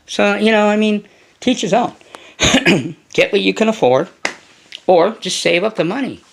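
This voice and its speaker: A man hosting a hobby vlog, talking bluntly to his viewers with frequent swearing, restarts and animated asides. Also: high-pitched, measured pace, gravelly, pauses often. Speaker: RC car channel host. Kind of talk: casual vlog rant to viewers.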